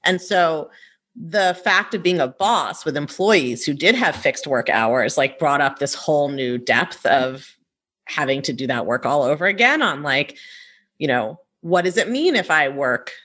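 A woman's voice: sits low, unhurried. A woman coach hosting a podcast, talking casually and animatedly and often tagging her points with "right?". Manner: animated, frequent "right?" tags.

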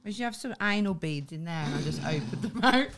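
A woman's voice: lowish voice, animated, fast talker, noisy background. A woman co-hosting a podcast, crude and teasing, chatting casually with lots of laughter. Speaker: podcast co-host. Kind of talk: casual chat.

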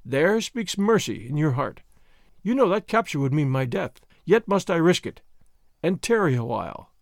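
A man voicing a dashing, gallant masked highwayman who speaks in flowery, bold phrases. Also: sing-song, moderate pace, gravelly, no room sound, clean studio sound. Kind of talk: audiobook character voice.

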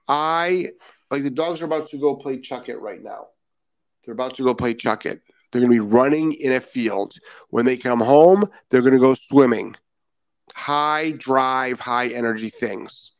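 A man with a mid-range voice hosts a live dog-training show from Florida, speaking bluntly and repeating his key points for emphasis. The recording is dry.

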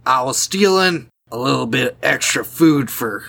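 Gruff, defensive guard pilfering from the kitchen, a man playing him in a tabletop game, gravelly and bright. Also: mid-range voice, animated, measured pace, full character voice. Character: sneaky male guard caught stealing food.

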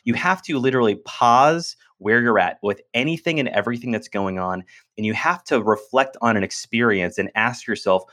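A man with a somewhat low voice tells a personal story as a guest in a conversational interview. He speaks earnestly and with animation, often doubling back to restart a phrase as he builds toward his point. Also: a little fast, a bit bright. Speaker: podcast guest, business speaker.

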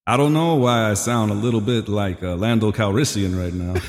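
A man's voice: lowish voice, brisk, in a large hall, close to an everyday voice. A man putting on the voice of a late soul singer's ghost, calling from the afterlife with a drawling birthday greeting. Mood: teasing.

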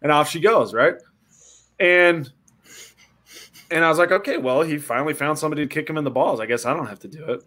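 A man's voice: fairly high pitch, brisk, long pauses. A man telling a funny story in casual chat, acting out voices and reactions. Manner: animated, acts out voices in quotes.

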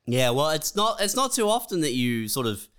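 A man's voice: fairly high pitch, very animated, normal speed, a bit bright, clear, resonant tone. A man co-hosting a podcast, talking in a laid-back, reflective way and calling his friend dude and man. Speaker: podcast co-host. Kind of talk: casual comedic chat.

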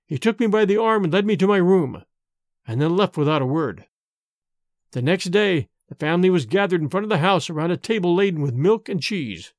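Expressive male storybook narrator. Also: high-pitched, no room sound. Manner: expressive, dramatic first-person storytelling. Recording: dry close recording with faint music.

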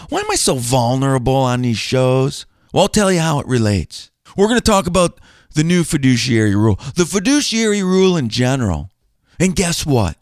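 A man's voice: on the high side, no room sound, studio quality. A middle-aged man hosting a podcast as a financial planner, chatty and self-deprecating in a casual style.

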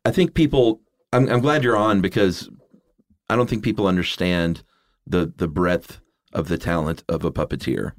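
A man with a low voice hosts a relaxed interview, nudging his guest along with quick agreeing replies. His tone is easygoing and friendly. The recording is dry and close-miked. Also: no room sound. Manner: easygoing, encouraging with short backchannels. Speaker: podcast host. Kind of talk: casual interview chat.

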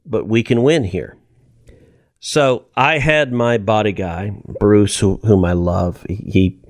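A middle-aged man in his fifties chats as a guest, recounting his own mistakes with animated, self-mocking energy. His voice sounds dry and close, with no room around it. He often trips and restarts his words. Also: on the low side, no echo. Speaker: politician guest. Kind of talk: casual interview storytelling.

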